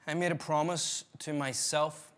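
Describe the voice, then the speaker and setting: Guy doing a one-man stage show, slow wry storytelling, dry punchlines. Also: a little high, fairly even intonation, a bit bright, smooth. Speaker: solo stage performer. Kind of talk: comic theatre monologue.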